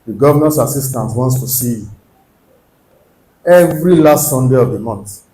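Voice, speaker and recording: A man's voice: mid-range voice, animated, normal speed, warm tone, a little hiss or hum. A Nigerian man delivers an earnest sermon, urging his listeners on and asking question after question. His voice sits in the ordinary middle of a man's range. The sound rings around an echoey church hall. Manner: earnest, exhorting with rhetorical questions. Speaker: preacher.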